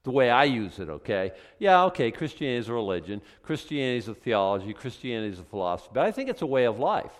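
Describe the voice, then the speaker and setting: Man, pastor, conversational sermon, rhetorical questions, swooping lively pitch, long hall reverb. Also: rapid-fire, few pauses. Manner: animated, chatty preaching with rhetorical questions.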